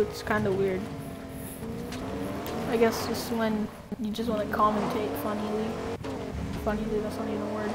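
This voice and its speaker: High, unhurried excitable woman gamer. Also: background noise. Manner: excitable, quick exclamations. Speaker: gaming video creator. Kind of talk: playful gameplay commentary.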